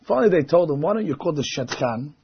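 A man's voice: on the high side, animated, fast talker, slightly rough. A man giving a Torah lesson, telling stories and acting out the voices he quotes with big jumps in tone. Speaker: Torah teacher. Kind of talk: sermon with storytelling. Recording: dull lo-fi recording.

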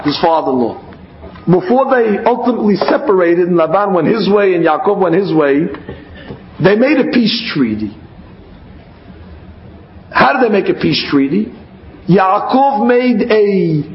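A man, a religious teacher, telling stories in a sermon and acting out the quoted lines with lively shifts of voice. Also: sits high, a little hiss or hum. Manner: lively storyteller who acts out the quoted lines. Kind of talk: storytelling sermon. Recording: roomy, slightly dull recording.

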